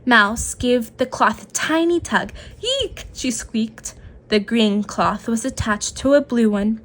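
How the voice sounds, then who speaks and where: A woman reads a children's picture book aloud in a gentle, expressive way. Her voice sits fairly high, and she takes the story at a slow, careful pace.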